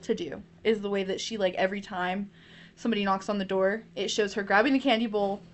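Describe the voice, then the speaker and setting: A woman guest on a horror podcast, chatting casually about a movie, animated and full of "like". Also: mid-range voice, fast. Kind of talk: casual movie review chat.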